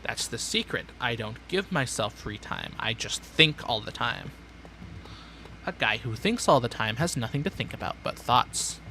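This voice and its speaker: Brief: young male streamer, bright tone, rambling sardonic monologue over gameplay. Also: medium pitch, animated, normal speed, a little hiss or hum. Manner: rambling, sardonic, talks to himself. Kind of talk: casual gameplay chatter.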